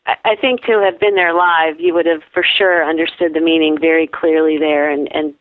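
Female co-host calling in, low-ish voice, chatty and agreeable, phone-line sound. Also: fairly even intonation, brisk, no echo. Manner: warm agreement, conversational, repeats words as she thinks. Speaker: radio co-host. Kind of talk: Catholic radio discussion.

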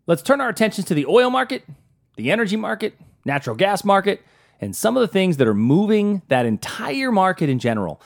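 A man's voice: high-pitched, very animated, fairly quick, vocal fry. A man from Pittsburgh with a Pittsburgh accent, hosting a casual market talk show in a chatty, joking way with frequent restarts. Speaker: show host.

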